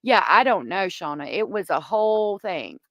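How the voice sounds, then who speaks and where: A woman's voice: mid-range voice, animated, moderate pace, dry recording. A woman hosting a casual true crime livestream, chatty and gossipy, reading viewer comments aloud.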